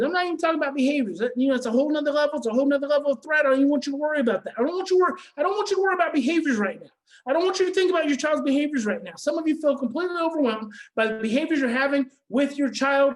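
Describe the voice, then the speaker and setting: Woman presenter, high voice, preacher-like seminar delivery, emphatic repetition, loud to hushed. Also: rapid-fire, low-quality recording. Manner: emphatic and repetitive, preacher-like, swinging from shouting to hushed near-whispers. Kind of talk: impassioned online seminar talk.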